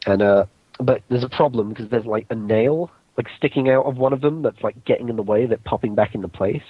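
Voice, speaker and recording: A man's voice: medium pitch, a little fast, husky, no echo. A young man casually telling a story to friends, laid-back and swearing freely. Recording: dull lo-fi recording.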